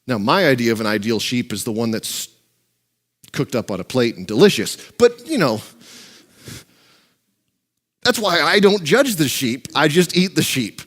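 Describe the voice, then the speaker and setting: A man's voice: mid-range voice, lively intonation, normal speed, long pauses, a bit bright. A male pastor preaching a sermon in a joking, conversational way.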